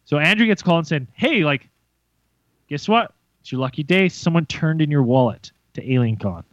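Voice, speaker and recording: A man's voice: moderate pace, no echo, muffled recording. A man co-hosting a podcast, telling a story in casual chat with lots of swearing, acting out the people he quotes. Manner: animated, swearing, acts out quotes in high voices. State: hungover. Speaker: podcast co-host.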